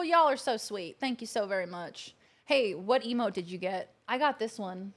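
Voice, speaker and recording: A woman's voice: medium pitch, lively intonation, moderate pace. A woman streaming a video game from her couch at home, chatting casually and gushing thanks to her viewers. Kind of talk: casual live-stream chat. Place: living room couch at home.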